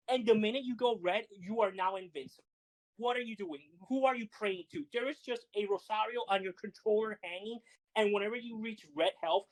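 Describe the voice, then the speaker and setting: A woman co-hosting a podcast, telling fighting-game stories in animated, laughing casual chat with some swearing. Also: mid-range voice, poor audio. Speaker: podcast co-host.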